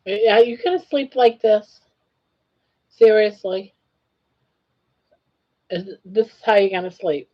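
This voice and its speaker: Slow and with long pauses, an older woman's medium-pitched voice carries a casual live crochet stream where she greets viewers and chats lovingly with her pet. The audio is dull and lo-fi.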